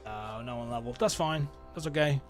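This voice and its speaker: A man's voice: mid-range voice, a little fast, music in the background. A man streaming a story game, chatting with viewers and reading the game's dialogue aloud in his plain voice. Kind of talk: casual let's play chat, reading game text aloud.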